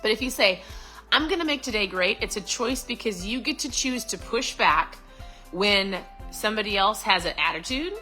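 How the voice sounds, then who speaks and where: A middle-aged woman from Florida films a casual, upbeat motivational talk for her vlog, her slightly high voice sharp in tone over poor audio. She chats away with plenty of fillers and frequent restarts.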